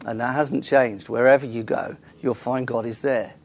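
A man's voice: mid-range voice, steady tone, moderate pace, darkish tone. A man preaching a sermon in a church, earnestly explaining scripture with frequent small restarts. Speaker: pastor.

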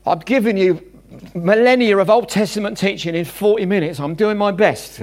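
A man preaching a sermon to a congregation, animated and jokey, swinging from loud bursts to hushed asides. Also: high-pitched, a little fast.

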